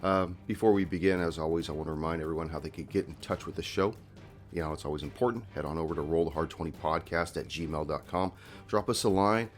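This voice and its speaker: A congested man hosting a tabletop game podcast as game master, talking in a relaxed, rambling way with plenty of fillers. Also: extremely low pitch, fast talker, soft background music. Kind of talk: podcast intro and casual chat.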